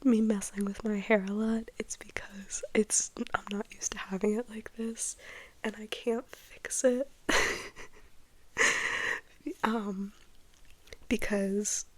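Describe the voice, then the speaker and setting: Young woman, stuffy-nosed breathy ASMR whisper, slow and even, rambling and self-deprecating. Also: medium pitch, no room sound. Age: young adult. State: congested from a cold. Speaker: ASMR creator.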